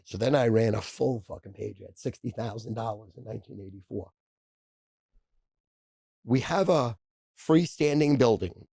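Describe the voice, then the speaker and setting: A gravelly, husky man in his sixties spins rapid-fire, profanity-packed stories as a podcast guest. his voice is low and dark, and it sounds dry and close to the mic. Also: no room sound. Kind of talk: casual storytelling.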